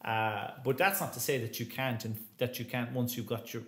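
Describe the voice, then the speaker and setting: A man's voice: mid-range voice, normal speed. An Irish man, an opera singer, chatting in an interview, with many restarts and fillers. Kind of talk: casual interview chat. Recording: roomy echo.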